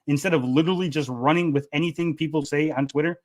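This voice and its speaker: Man, heated argument, insistent, interrupting, slightly raised pitch. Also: fast talker. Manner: insistent, interrupting, repeats "literally". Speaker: debater.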